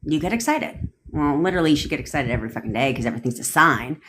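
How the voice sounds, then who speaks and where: A manifestation coach goes rapid-fire on a phone livestream, ranting in answer to viewer comments with blunt profanity and a barrage of rhetorical questions. She has a low, animated, slightly bright voice, and there's slight background noise.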